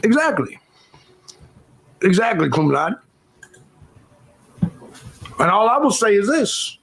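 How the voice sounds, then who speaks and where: A man's voice: high-pitched, sing-song, measured pace, vocal fry, a bit bright, slight background noise, poor audio. A man hosting a livestream, talking bluntly and profanely and thanking viewers for donations in casual commentary. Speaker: livestream host.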